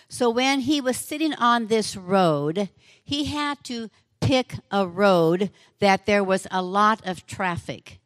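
Woman preacher, slow and dramatic storytelling sermon, dry close sound. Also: medium pitch, no room sound.

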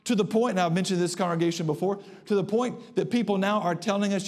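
A man preaching a sermon to a congregation, emphatic, slowing down and rising in pitch to drive home his points. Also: steady tone, a little mellow. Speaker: pastor. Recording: long reverb of a church hall.

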